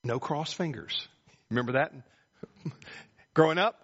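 A pastor preaching a sermon, telling folksy stories with sweeping pitch. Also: male voice, measured pace, a bit bright. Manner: folksy storytelling with dramatic pitch swings. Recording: muffled lo-fi recording.

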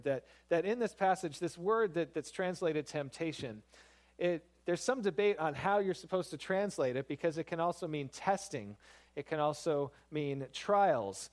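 A man's voice: fairly high pitch, lively intonation, moderate pace. Man preaching in a conversational tone. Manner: conversational, storytelling with rising emphasis. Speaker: pastor. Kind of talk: sermon.

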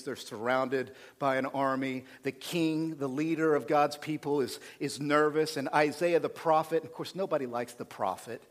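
A man preaching a sermon, swinging between loud emphasis and quiet, low passages. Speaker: pastor.

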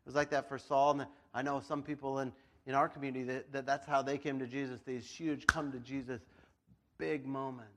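A man's voice: mid-range voice, level tone, fairly quick, noisy background. A male pastor giving a casual, chatty sermon, telling the story with frequent laughs and acted-out voices. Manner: chatty, laughs often, lots of "like".

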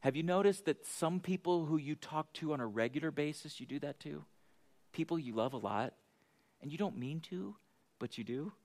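A man's voice: fairly high pitch, animated, moderate pace, a little mellow. Chatty self-deprecating man preaching. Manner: chatty, self-deprecating, asks the congregation questions. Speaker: pastor. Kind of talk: conversational sermon.

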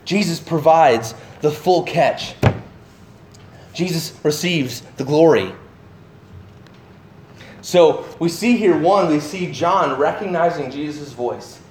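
A man giving a sermon, animated and full of questions to his listeners, acting out the voices of the people in his story. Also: on the high side, slow, long pauses, roomy sound. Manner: animated, acts out voices of the disciples; asks the listeners many questions. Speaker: pastor.

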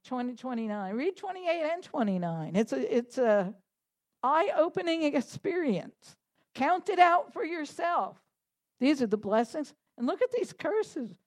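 High-voiced woman preaching a fervent sermon. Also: a little slow. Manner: animated, laughing, rising to fervent shouted prayer.

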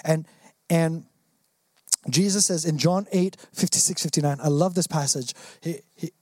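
An earnest preacher delivers a sermon with strong emphasis. The speaker acts out quoted lines in different voices. The pitch sits in a middle range, and the recording is dry and close with no room echo. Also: moderate pace, a little mellow.

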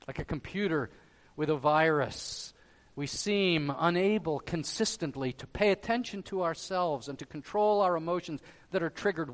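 Emphatic preaching man in a reverberant hall. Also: a little high. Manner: emphatic preaching, swinging between loud stresses and quiet drops. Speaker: pastor. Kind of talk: sermon.

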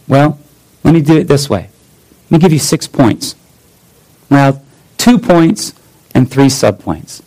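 A man in his thirties preaching a sermon as pastor, deliberate, with repeated phrases and rhetorical questions. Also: a little high, big pitch swings, a little mellow, rough recording.

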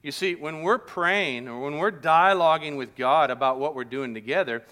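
A man preaching a sermon as pastor, telling a personal story and shifting into quiet, intimate tones. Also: on the high side, moderate pace.

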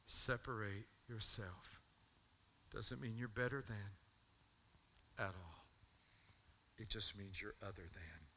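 A middle-aged pastor with a drawl preaches, his voice very bright and forward. He tells a story warmly, then presses hard in a fervent call to come forward. A faint hiss of noise sits under the recording. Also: on the low side, steady tone, slow, pauses often. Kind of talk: sermon with personal story.

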